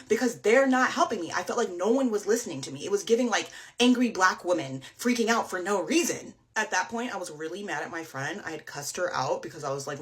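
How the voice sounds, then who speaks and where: A woman retelling a frightening night out in casual, emotional storytelling, full of fillers and quick asides. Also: medium pitch, expressive, fairly bright tone. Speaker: storyteller guest.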